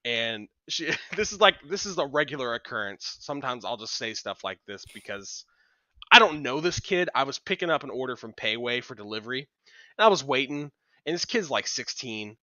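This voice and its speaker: A man's voice: mid-range voice, lively intonation, normal speed, sharp tone, dry recording, dull audio. A man co-hosting a podcast, telling stories in a casual chat with lots of fillers and restarts. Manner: rambling storyteller, many fillers and restarts. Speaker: podcast co-host.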